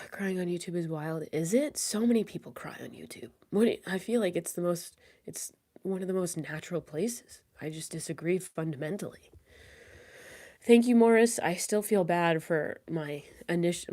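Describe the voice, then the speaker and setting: Woman streamer, teary and fragile, low-ish voice, halting and soft, slipping into whispers. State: crying. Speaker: livestreamer. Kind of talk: tearful live stream chat.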